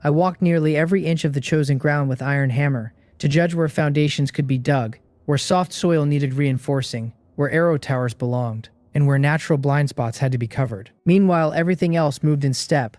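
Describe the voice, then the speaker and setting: A man narrating a fantasy story recap in a steady, measured scripted read. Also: fairly high pitch, no room sound.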